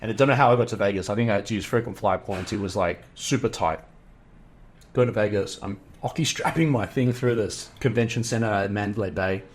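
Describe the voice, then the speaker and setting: A middle-aged man with an Australian accent, a podcast guest telling a story in a casual, animated way, acting out the voices of the people he quotes. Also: fairly low pitch, fairly quick, slight background noise. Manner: animated, acts out quoted dialogue.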